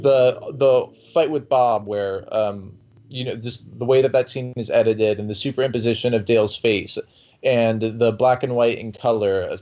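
A man's voice: medium pitch, a little mellow, dull audio. A man in a casual critical discussion, talking earnestly and emphatically with many filler words. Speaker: podcast panelist.

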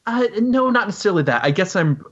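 A man with a slightly husky voice asks careful, hesitant questions in a casual film chat. His delivery is polite and full of small pauses. The recording sounds a bit dull and lo-fi. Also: sits high, sing-song, fairly bright tone. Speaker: podcast host.

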